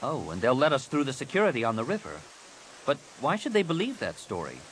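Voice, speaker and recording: Audiobook: man voicing an eager young hero, higher voice, questioning. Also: huge pitch swings, brisk, a little hiss or hum. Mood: curious. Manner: questioning, incredulous. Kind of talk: audiobook reading.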